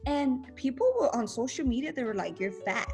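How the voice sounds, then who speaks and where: A young woman guest on a casual podcast chat, telling stories animatedly with quick restarts and acted-out quotes. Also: high voice, lively intonation, mellow, faint music behind.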